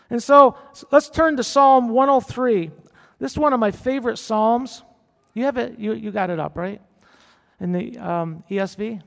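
A man preaching a sermon in a church, emphatic and repeating his key phrases. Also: extremely high pitch. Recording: long hall reverb.

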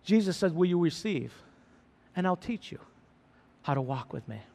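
A man with a strikingly high voice delivers a sermon as a pastor. He hammers on repeated phrases and rises into fervent emphasis. His words ring out with a long reverb, as in a large church hall. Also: expressive, moderate pace, gravelly, dark tone. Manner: repetitive, rising to fervent emphasis.

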